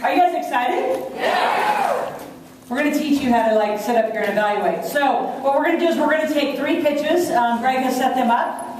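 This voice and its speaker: Brisk woman hosting onstage, echoey hall. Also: high-pitched, sing-song. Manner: brisk, organizing, upbeat. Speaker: event host. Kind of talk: running a live event on stage. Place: large conference hall. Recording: echoey hall, distant mic, crowd noise.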